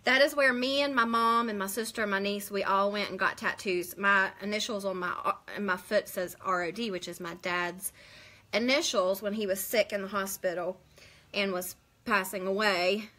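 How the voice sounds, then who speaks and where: A woman's voice: mid-range voice, steady tone, moderate pace, sharp tone. A woman, chatting casually on a live stream, rambling and answering viewers' comments. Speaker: beauty vlogger hosting a live stream.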